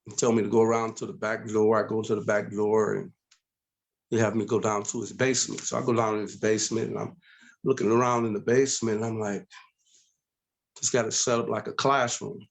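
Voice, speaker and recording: A middle-aged man telling his story as an interview guest, animated and acting out voices in quotes. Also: lowish voice, a little fast, vocal fry.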